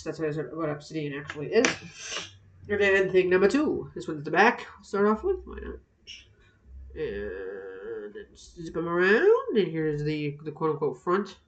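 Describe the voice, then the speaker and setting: A woman chatting playfully to herself while building a craft project, often dropping to soft murmurs. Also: fairly low pitch, normal speed, muffled recording. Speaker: craft vlogger. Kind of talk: casual narration while crafting. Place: indoors at a craft table. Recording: roomy echo.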